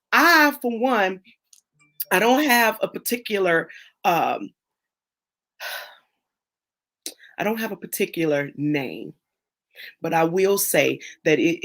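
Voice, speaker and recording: A woman hosting a casual chat over a video call, animated and repeating herself, acting out the voices of people she quotes. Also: deep voice. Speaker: host of a live chat.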